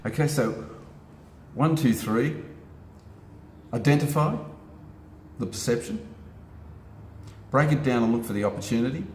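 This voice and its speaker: A man giving a motivational self-help talk, laying out steps with emphatic, animated delivery. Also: mid-range voice, moderate pace, pauses often, over music. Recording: echoey room with faint ambience.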